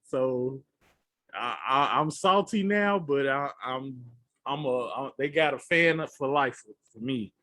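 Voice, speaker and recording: A man co-hosting a podcast in casual chat, telling stories in an animated way and acting out his own reactions. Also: mid-range voice, a little slow, no echo. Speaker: podcast co-host.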